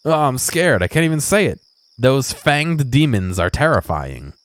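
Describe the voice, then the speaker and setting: A man's voice: mid-range voice, wildly swooping pitch, normal speed, dry recording, voice pushed up. A man voicing a jittery grown man who is terrified of cats, reading him in a panicky, melodramatic way.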